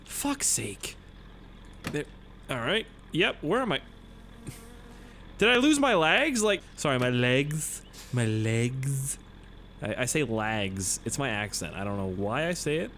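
Excitable, lively-voiced man playing a game. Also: medium pitch, a little hiss or hum. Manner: excitable, profane, jokey, yelps and laughs at the game. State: tipsy. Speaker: gaming video host. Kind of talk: gameplay commentary.

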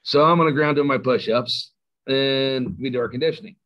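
A middle-aged man with a Kentucky accent, a high school coach telling stories as a guest, self-mocking and laughing often. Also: brisk. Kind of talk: casual storytelling interview. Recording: slightly dull lo-fi sound.

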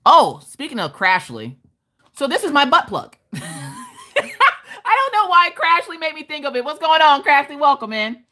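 A bawdy, jokey woman chats through a late-night crafting livestream from her desk at home. Her voice has a bright, forward tone that leaps up and down in pitch. She reads viewer comments aloud and laughs easily between them. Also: big pitch swings, normal speed. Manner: loud, bawdy and joking, laughs often. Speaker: livestream host. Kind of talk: casual livestream chat, reading out viewer comments.

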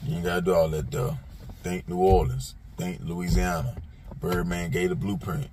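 A man's voice: deep voice, fairly even intonation, moderate pace, dark tone, soft background music. A man hosting his own commentary channel, talking bluntly and casually, speaking straight to the people he discusses in street slang and often repeating himself. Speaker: commentator and host.

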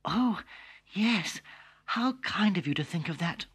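A man's voice: sits high, expressive, takes it slowly, fairly bright tone, husky, voice pushed up, exaggerated voice. A man voicing a sweet, trusting little girl on a children's story tape, eager and wide-eyed. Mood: innocent.

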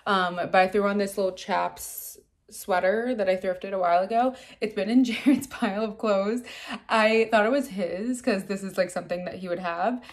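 A woman's voice: mid-range voice, fairly even intonation, normal speed. A young woman talking casually to her phone camera for a daily vlog, rambling and chatty with plenty of "like", first at home and later in a car. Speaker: vlogger.

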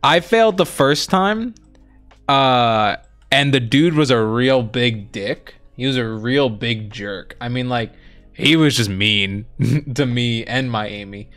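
A man's voice: mid-range voice, takes it slowly, fairly bright tone, faint music behind. A young man co-hosting a live stream, chatting casually and easygoing, amused at himself. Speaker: streamer co-host.

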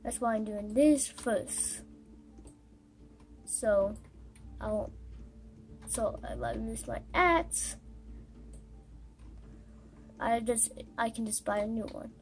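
A woman giving casual gameplay commentary while playing, halting and exasperated, with many fillers. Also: on the high side. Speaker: gamer recording gameplay.

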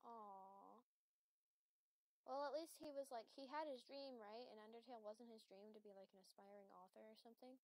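A woman chats her way through a video game, reacting aloud and giggling often. Her voice sits a little high. The recording is dry and close. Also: a little fast, a little mellow, no room sound. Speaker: let's player. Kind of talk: casual game commentary.

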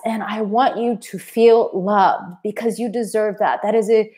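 A woman's voice: medium pitch, steady tone, unhurried, a little mellow, a little hiss or hum. Woman dating coach, 30s to 40s, earnest livestream host, heartfelt delivery. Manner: earnest, heartfelt, emotional at times. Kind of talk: live stream talk to viewers.

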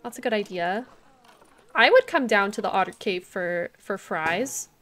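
A woman's voice: mid-range voice, lively intonation, measured pace, fairly bright tone. A young woman livestreaming a zoo-building game, chatting casually, thinking aloud and greeting viewers in chat. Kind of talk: casual gameplay commentary.

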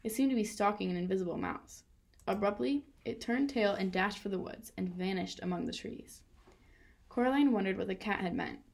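A woman reading a children's novel aloud in a steady storytelling manner. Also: mid-range voice, brisk, creaky. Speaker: reader.

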